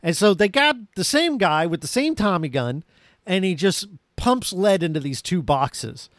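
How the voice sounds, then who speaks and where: A high-pitched man talks through an old film with a co-host, his voice swinging up and down as he mocks the plot. The sound is close and dry, with no room around it. He is sarcastic and laughs easily. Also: a little slow, no room sound. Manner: animated, sarcastic, laughs often. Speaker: podcast co-host. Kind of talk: casual movie review chat.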